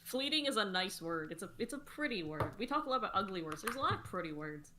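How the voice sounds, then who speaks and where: A woman's voice: medium pitch, sing-song, fast talker, noisy background. A woman co-hosting a casual livestream, explaining lyric meter and rhyme in detail. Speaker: songwriter co-host.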